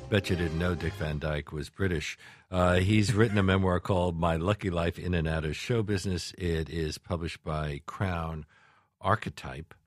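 Male interview host, low pitch, halting and full of fillers, close dry mic. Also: dry recording, faint music behind. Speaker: radio host.

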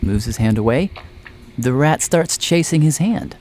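A man hosting a radio documentary, telling a story and interviewing with playful, animated delivery. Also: mid-range voice, measured pace. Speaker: radio show host.

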